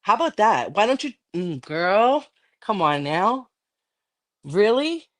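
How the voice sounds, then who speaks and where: A woman's voice: mid-range voice, sing-song, takes it slowly. A livestreaming woman in a heated, profane, confrontational rant aimed at a rival.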